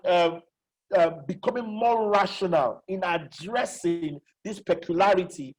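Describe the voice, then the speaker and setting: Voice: mid-range voice, darkish tone, slightly rough, rough recording. A presenter giving a live online lecture as facilitator, repeating key questions and checking that listeners follow. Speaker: webinar facilitator. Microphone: video call.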